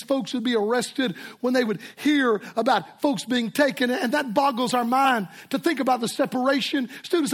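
An older man preaching a sermon in a church, telling stories with an emphatic, repetitive cadence. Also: very high voice.

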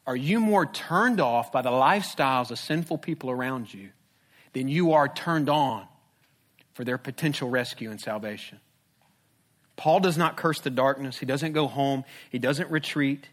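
A man's voice: mid-range voice, normal speed. A man preaching a sermon as a pastor, conversational and humorous, with rhetorical questions.

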